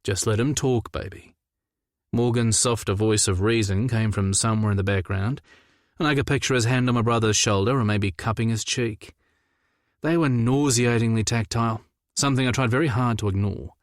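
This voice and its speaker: Brief: young adult man, first-person audiobook narrator, wry delivery, mid pitch, dry close sound. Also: fairly even intonation, a little fast, dry recording.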